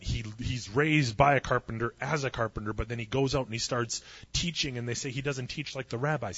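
A man's voice: medium pitch, husky, muffled recording. A man preaching a sermon, retelling a story with humorous asides and acting out the voices in it. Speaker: pastor.

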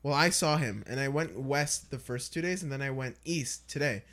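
A man's voice: mid-range voice, moderate pace, fairly bright tone. A man hosting a casual podcast, telling rambling stories and laughing often as he talks. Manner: rambling storyteller, laughs a lot. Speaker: podcast host.

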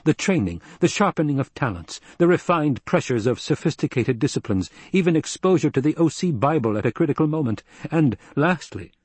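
A man narrating an audiobook in a measured, dramatic storytelling manner with a husky voice. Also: medium pitch, darkish tone, dry recording.

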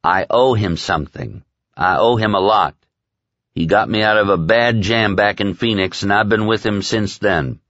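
A man's voice: fairly low pitch, moderate pace, a bit bright, no room sound, muffled recording, close to an everyday voice. A man reading aloud and voicing a crude, boozy male henchman who talks in a rambling, profane, folksy way. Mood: earnest.

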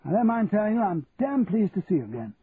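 A man's voice: high voice, very animated, fast, breathy edge, no room sound, voice pushed up, heavily acted. A man doing a bluff, hearty English lord. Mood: jovial. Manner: blustering, jovial, old-fashioned oaths. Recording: tinny, phone-like audio, faint hiss.

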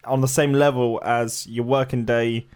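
A man's voice: medium pitch, little pitch movement, normal speed, a little mellow, smooth. A young man co-hosting a casual podcast, hesitant and full of ums and restarts. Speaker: podcast co-host. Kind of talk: casual chat.

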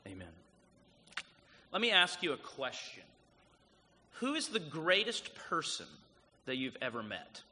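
A man with a South Carolina accent preaches a sermon in a casual, chatty way, full of "like" and "um" as he tells stories. His voice is very bright and sits a little high. The sound has a long, echoing reverb, as if from a big church hall. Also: a little slow, slight background noise. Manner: casual, animated storytelling with lots of "like" and "um". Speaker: guest pastor.

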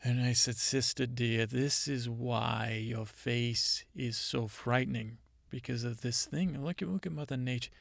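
A man playing a rambling, self-important female Mother Nature spirit in an improvised comedy monologue, telling stories in a halting, deadpan way. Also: mid-range voice, vocal fry, no room sound, studio quality.

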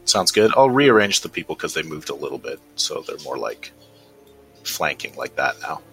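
A man's voice: very deep voice, very animated, moderate pace, a bit bright, soft background music. A man narrating as game master of a tabletop game, hesitant and full of fillers.

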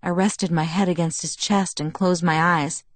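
Female audiobook narrator, lowish voice, intimate first-person read, dry booth sound. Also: normal speed, no echo. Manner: even, intimate storytelling.

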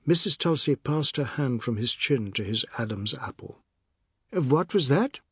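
A man reading a novel aloud as an audiobook narrator, in a measured literary manner. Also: medium pitch, fairly bright tone, breathy edge, no echo, clean studio sound. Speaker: audiobook reader. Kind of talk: scripted narration.

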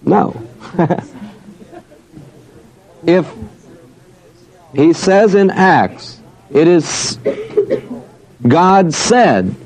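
A man teaching a Bible study, reasoning aloud, asking himself questions and answering them, and reading verses in a drawn-out cadence. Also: high-pitched, darkish tone, low-quality recording.

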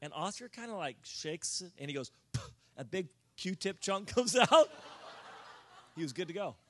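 A man telling a comic personal story in a sermon, animated and building to near-shouts. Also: high-pitched, normal speed.

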